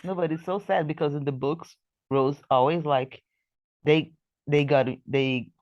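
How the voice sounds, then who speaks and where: A woman co-hosting a casual TV review podcast, animated and dramatic in her reactions. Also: deep voice, a little slow. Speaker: podcast co-host. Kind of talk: casual chat reviewing a TV show. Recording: dry, slightly dull sound.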